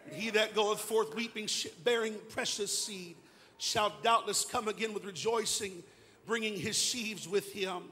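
A grieving pastor preaches with a high, bright and forceful voice. He swells into ringing, shouted declarations of faith. His sermon carries a long echo through a large church hall. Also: steady tone, measured pace, slight background noise. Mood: solemn.

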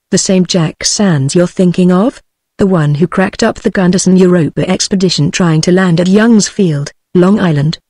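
A woman's voice: fairly low pitch, no room sound, studio quality. British synthetic woman reading a book. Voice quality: even, synthetic delivery. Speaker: audiobook narrator. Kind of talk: text-to-speech audiobook reading.

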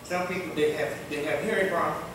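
Booming imam preaching in an echoing hall. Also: male voice, steady tone, background noise. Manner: preaches emphatically, raising his voice to loud declarations; slow, deliberate delivery with frequent throat clearing. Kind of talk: Friday sermon. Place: large mosque prayer hall. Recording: echoey hall recording from far off.

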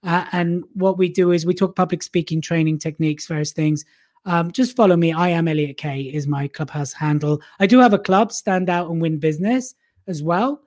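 A man's voice: on the high side, moderate pace, a little mellow. A man guesting on an interview, a public speaking coach who talks chattily, mocks himself and laughs often. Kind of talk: casual interview chat.

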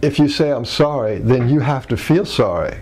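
Male workshop presenter, mellow, rambling delivery with restarts. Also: mid-range voice, lively intonation, normal speed, husky. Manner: rambling, many restarts and fillers. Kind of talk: teaching commentary.

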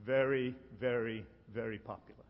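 A middle-aged man delivers a sermon with emphatic weight and slows right down on the lines he wants to land. His voice rings with a long reverb, as if he is in a big hall. The sound is a little dull and muffled. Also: mid-range voice, fairly even intonation. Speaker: preacher.

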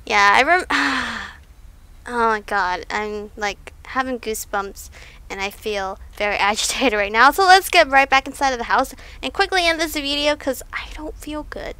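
A woman's voice: fairly high pitch, normal speed, pushed and bright, clean tone, no echo, low-quality recording. A young woman commenting nervously as she plays a game for her channel, chatting about herself and admitting she is scared. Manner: nervous, jittery, easily frightened chatter. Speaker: gaming YouTuber. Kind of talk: let's play commentary.

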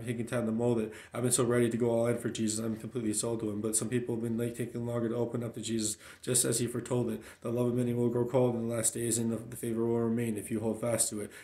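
A man's voice: medium pitch, dark tone. A man reciting rhymed spoken-word rap for a demo, preachy and rhythmic, with stumbles and restarts. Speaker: rapper recording a demo.

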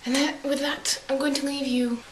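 A young woman tells a rambling story to her camera in a put-on English accent. Her voice sits a little high, and the room gives it a clear echo. A faint hiss runs under everything. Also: little pitch movement, normal speed. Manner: chatty, acts out quotes in silly voices. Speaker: vlogger.

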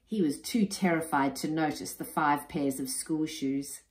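Slow, expressive woman storyteller. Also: sits low. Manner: expressive, unhurried. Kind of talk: children's story read-aloud. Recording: roomy echo.

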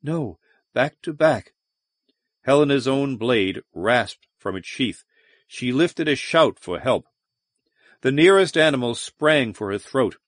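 A man narrates an adventure audiobook at a measured, deliberate pace. His pitch sits in an ordinary middle range. The recording is close and completely dry. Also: lively intonation, fairly bright tone, no echo. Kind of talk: scripted narration.

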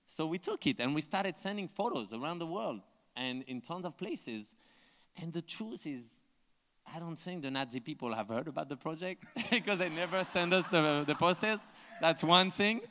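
A man's voice: a little high, normal speed. A man from France with a French accent, animatedly telling stories on stage at a live talk and acting out other people's lines. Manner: animated, acts out others' dialogue, laughs often. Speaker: invited artist on a panel. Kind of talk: live onstage storytelling. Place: large museum auditorium before an audience. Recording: long hall reverb from a live auditorium.

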